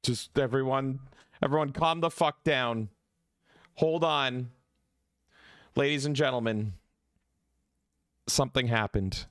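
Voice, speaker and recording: A man's voice: mid-range voice, slow pace, long pauses, a bit bright, faint music behind. A man co-hosting a podcast in goofy, theatrical casual chat, breaking into shrieks. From Canada. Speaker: podcast co-host.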